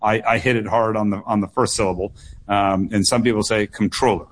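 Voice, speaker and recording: A man's voice: lowish voice, fairly even intonation, brisk. A man running for office, answering radio call-in questions earnestly and often repeating words for emphasis. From United States. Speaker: political candidate, guest.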